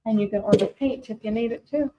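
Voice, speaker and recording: A woman's voice: fairly high pitch, fast, highs cut off, background noise. A woman who owns a shop, hosting a live do-it-yourself painting demonstration in a chatty, upbeat way, talking straight to her viewers and calling them by name. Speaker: shop owner hosting a live DIY demo. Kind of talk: casual live crafting demonstration.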